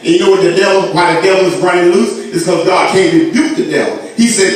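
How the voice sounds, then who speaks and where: A man preaching a sermon to his congregation, with shouted and sung peaks and playful asides, recorded in a church sanctuary. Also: sits high, fast talker, hardly any pauses. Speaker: pastor. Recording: echoey church from far off.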